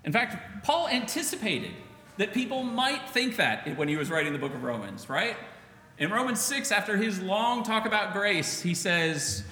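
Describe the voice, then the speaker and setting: Male pastor, animated conversational sermon, echoey sanctuary with long reverb. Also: sits high, moderate pace, a little hiss or hum. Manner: conversational, animated preaching with acted-out quotes. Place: church sanctuary. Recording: echoey church hall, faint ambience.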